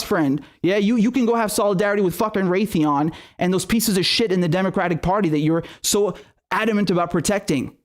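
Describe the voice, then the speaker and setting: A political commentary host on a livestream reads out viewer messages, then launches into an angry, profane rant that keeps repeating itself. His voice sits high, and he talks a little fast.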